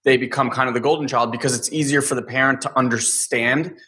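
A man's voice: medium pitch, fairly even intonation, fast, pushed and bright. A man hosting an interview, talking casually with frequent filler words. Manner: chatty, many "like" fillers. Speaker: podcast host.

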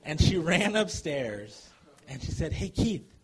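A man telling a comic true story to a live audience, animated and chuckling as he goes. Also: on the high side, slow pace.

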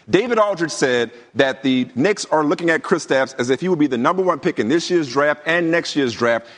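A man co-hosting a sports debate show, with a voice sitting a bit higher than most men's. He argues in a playful, teasing tone and stretches words out for emphasis. His voice carries a long reverb tail. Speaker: sports talk show co-host. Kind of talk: lively studio sports debate.

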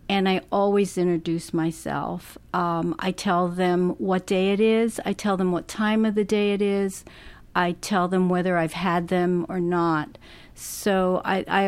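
Slow, gentle-spoken woman nurse. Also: mid-range voice, no echo. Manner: slow, gentle, thoughtful with many restarts. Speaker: hospice nurse. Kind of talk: interview answers.

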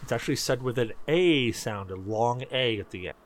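A man co-hosting a podcast, talking casually in long rambling runs. His pitch swings widely as he gets worked up, and he often doubles back on his own words. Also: moderate pace. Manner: animated, rambling, repeats himself. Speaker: podcast co-host. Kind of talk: casual chat.

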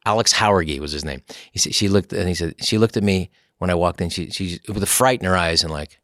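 Brief: middle-aged comedian guest, low voice, quick restarts, drops into impressions, close dry mic. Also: male voice, dry recording. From San Francisco Bay Area. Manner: animated storyteller, quick restarts, slips into character voices. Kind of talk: casual storytelling in a podcast interview.

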